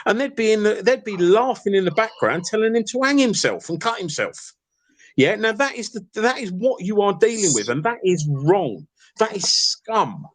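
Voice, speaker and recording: A man with a fairly high voice argues on an online call. He rambles and circles back, leaning on fillers and calling the other man fella and mate, insistent throughout. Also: animated, moderate pace. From East London. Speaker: participant in an online call-in argument. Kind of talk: heated casual argument.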